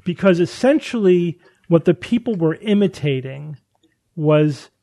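A man with a mellow, somewhat high voice talks through a science story in a loose, conversational way. He circles back on his words often, restarting sentences as he explains. The sound is dry and close, with little room around it. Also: expressive, unhurried, dry recording. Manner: explains at length with frequent restarts. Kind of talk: casual science chat.

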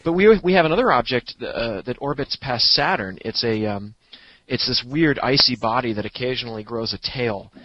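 A man's voice: medium pitch, expressive, normal speed, no echo. A man, an astronomer, chatting casually on a podcast and explaining things with a fondness for puns. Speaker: astronomer guest. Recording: dull lo-fi recording.

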